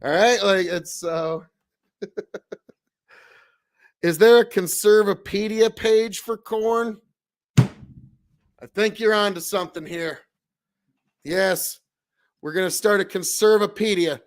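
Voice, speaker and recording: A man from Nebraska with a country American accent hosts a relaxed live stream in a high-sitting voice, speaking slowly with long pauses. He's plainspoken, swears often, and flares up into loud outrage.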